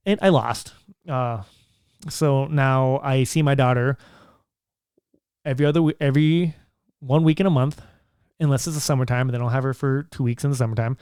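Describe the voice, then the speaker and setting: A man's voice: medium pitch, a little mellow, smooth, no room sound, studio quality. A man, a single father, telling a personal story to the camera in an earnest, reflective way that halts and restarts as he goes.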